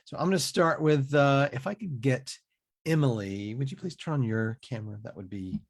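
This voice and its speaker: A man's voice: mid-range voice, normal speed, dry recording. Guy hosting a zoom improv show, dry sound, jokey and chatty, lots of ums. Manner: joking, chatty, with frequent fillers. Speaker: host. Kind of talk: casual online show interview. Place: home, video call. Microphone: video call mic.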